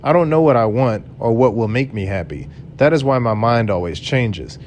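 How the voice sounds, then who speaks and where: A man's voice: medium pitch, animated, normal speed, a little mellow, slight background noise, lightly acted. A man reading the texts of an upset, unsure young woman in nearly his own voice.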